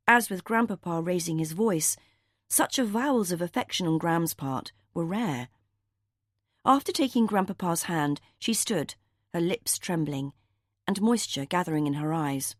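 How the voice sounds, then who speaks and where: A woman narrates an audiobook in a measured, even way. Her voice sits a little low and the recording is dry and close. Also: no room sound.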